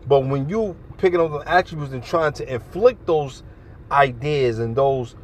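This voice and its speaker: A man's voice: medium pitch, normal speed, slight background noise. Blunt New street preacher, a man. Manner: blunt, confrontational, profane. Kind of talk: open-air street preaching.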